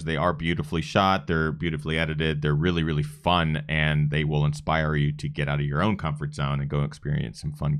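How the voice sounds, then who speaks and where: A man's voice: extremely low pitch, a bit bright, clean tone. A man hosting a live running podcast, chatty and upbeat as he promotes and wraps up the show. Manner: upbeat, chatty, listing sponsors in quick succession. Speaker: podcast host.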